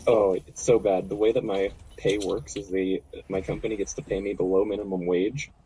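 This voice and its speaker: American guy, low mellow voice, explains stuff slow w/ lots of uhs in game chat. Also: flat delivery, slight background noise, poor audio. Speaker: gamer in voice chat. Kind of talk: casual chat.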